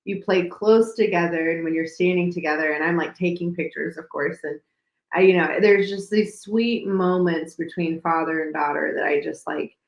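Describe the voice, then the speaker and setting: A woman's voice: fairly low pitch, steady tone, moderate pace, gravelly. A woman co-hosting a podcast in casual chat, talking emotionally and gushingly with many fillers. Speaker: podcast co-host. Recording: roomy echo.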